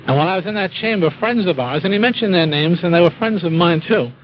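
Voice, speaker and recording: A man's voice: high-pitched, expressive, quick pace, dull audio, slight background noise. A man telling his own drinking story in a folksy, wry way, acting out what people said. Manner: wry, self-mocking humor; folksy, acts out quoted speech. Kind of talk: storytelling talk.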